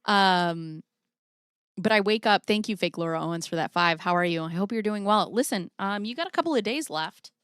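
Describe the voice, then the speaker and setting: A woman's voice: medium pitch, lively intonation, normal speed, a bit bright, clear, resonant tone, dry recording, clean studio sound. A woman in her thirties hosting a casual livestream, chatting frankly and swearing freely while reading out comments from viewers. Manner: chatty, swears freely, reads chat aloud. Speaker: livestream host.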